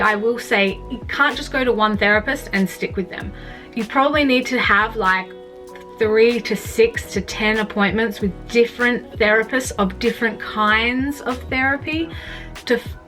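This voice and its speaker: A woman's voice: fairly high pitch, sharp tone. A young woman talking candidly in a casual vlog, rambling with lots of "like" and some swearing. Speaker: vlogger. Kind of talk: candid personal vlog about mental health.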